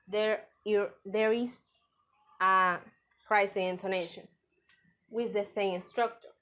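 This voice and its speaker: A woman's voice: medium pitch, steady tone, takes it slowly, pauses often, fairly bright tone, rough recording. A young woman giving a class presentation, carefully explaining grammar and reading example sentences aloud. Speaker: student presenter.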